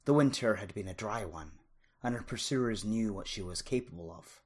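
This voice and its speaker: A narrator reading a fantasy story aloud in an expressive, dramatic way. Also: medium pitch, normal speed, husky. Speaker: audiobook narrator.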